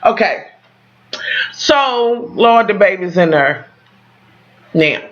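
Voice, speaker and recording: A woman's voice: medium pitch, expressive, slow pace, lo-fi sound. A woman recapping a TV episode for her viewers, dramatic and profane, talking straight to the camera. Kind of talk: animated casual recap.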